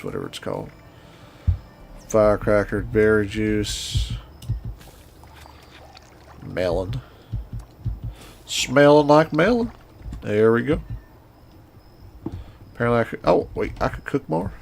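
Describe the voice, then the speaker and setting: Gravelly guy w/ a twang, rambling folksy game commentary. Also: fairly low pitch, very animated, takes it slowly, long pauses, a little hiss or hum. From Indiana. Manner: rambling, folksy, talks to himself while playing. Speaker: gaming streamer. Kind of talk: casual gameplay commentary.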